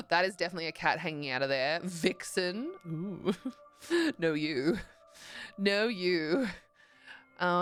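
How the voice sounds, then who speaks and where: A woman's voice: lowish voice, fairly bright tone, smooth. A young woman livestreaming, chatting casually and rambling with lots of fillers while she plays, sleepy and yawning. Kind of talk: casual chat while gaming.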